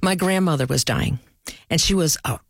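Woman clinician chatting in an interview, gets animated and jumps high telling stories, dry close sound. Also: normal speed, gravelly, dry recording. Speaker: palliative care clinician. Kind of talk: conversational interview storytelling.

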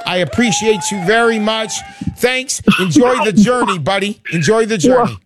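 A man's voice: high voice, animated, moderate pace, a crowd in the background. A man hosting a call-in radio show, talking in an emphatic, salesy way and repeating words for punch.

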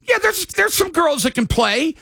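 A middle-aged man hosts call-in sports radio in a fired-up ranting style. His voice sits high and swoops widely, with a gravelly edge. The sound is bone-dry and close. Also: big pitch swings, normal speed, sharp tone, no echo. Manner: fired-up, ranting, apologetic asides.

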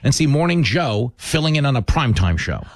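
An American man TV host chatting casually, emphatic and animated as he makes his points. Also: medium pitch, fairly quick, dry recording. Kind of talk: casual chat.

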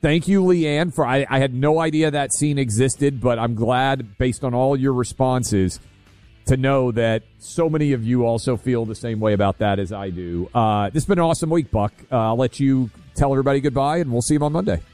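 A man's voice: mid-range voice, a little fast, a little mellow, no echo, soft background music. A man co-hosting a talk radio show and taking calls, chatty with frequent restarts.

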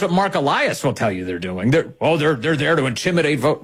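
A man hosts a political talk show with a husky, slightly high voice. His pitch leaps and dips constantly as he mocks and scoffs, and he delivers his opinions in a loud, rapid-fire style. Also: animated. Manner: sarcastic, mocking, swings pitch widely for emphasis.

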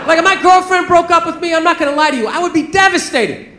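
A man performing a stand-up comedy set in a club, telling profane, animated stories. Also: very high-pitched, fast. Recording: echoey club with crowd noise. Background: audience laughter.

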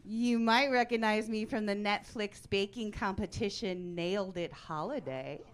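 Performing stand-up in a club, this woman in her forties is brash and deadpan, speaking unhurriedly in a mid-range voice over crowd noise. Whenever she quotes someone, she acts them out.

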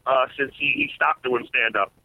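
A man, a comedian, calling into a radio interview, relaxed and talking in frequent restarts. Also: medium pitch, moderate pace, creaky, no echo. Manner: relaxed, stammers and restarts often. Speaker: comedian guest. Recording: tinny phone line.

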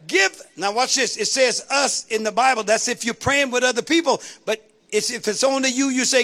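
A woman's voice: a little high, lively intonation, moderate pace, fairly bright tone. A woman preacher delivering a sermon in a rhythmic call-and-response style, building to rising exclamations.

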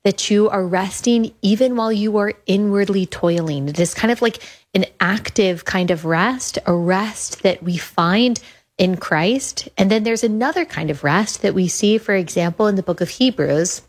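A woman in her thirties hosting a podcast, talking earnestly and enthusiastically, repeating words for emphasis. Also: mid-range voice. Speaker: podcast host. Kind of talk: casual monologue about her app.

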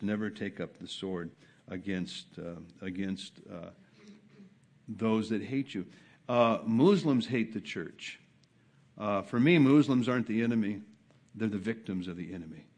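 Impassioned male preacher, swinging soft to loud. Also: low-pitched. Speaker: pastor. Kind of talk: sermon. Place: church service.

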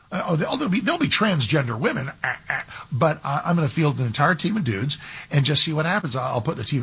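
A man's voice: fairly high pitch, fairly bright tone, slightly rough. A man hosting a talk radio show as a fill-in, talking conversationally with sarcastic asides and frequent restarts.

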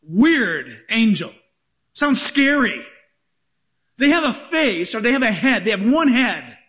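A man's voice: very high-pitched, big pitch swings, takes it slowly, fairly bright tone. A male pastor preaching a sermon to a congregation, emphatic and joking with the room.

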